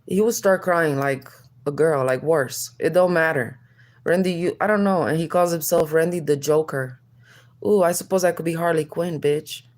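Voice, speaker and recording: Brief: woman, 30s, lowish voice, furious rambling rant at an ex, swearing and accusing, loose confessional vlog delivery. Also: normal speed, a little mellow. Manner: heated, accusatory, profane, rambling. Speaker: mother addressing her ex on camera.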